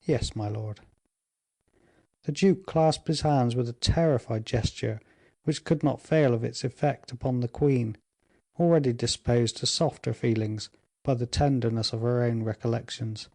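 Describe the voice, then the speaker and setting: Male audiobook narrator, measured steady delivery, warm and mellow tone. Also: medium pitch.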